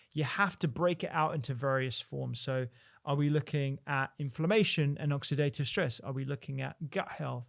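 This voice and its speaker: A man, a doctor hosting his show, talks through nutrition research in a measured way, often restarting and repeating words. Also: medium pitch, gravelly. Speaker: doctor and podcast host. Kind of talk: solo explainer reviewing research.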